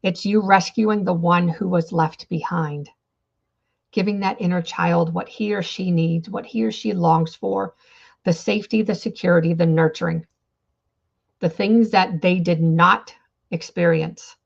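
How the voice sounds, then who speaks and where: Woman, podcast host, earnest coaching talk, gravelly fry, low voice. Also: steady tone, a little slow, highs cut off. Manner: earnest, repetitive, coaching tone with many fillers. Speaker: podcast host on trauma healing.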